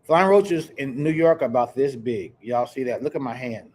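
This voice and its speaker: A man from Kansas hosting a live podcast, telling stories in an animated, chatty way and talking straight to his viewers. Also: mid-range voice, normal speed. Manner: animated storyteller, chatty, addresses viewers directly. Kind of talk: casual live-stream chat.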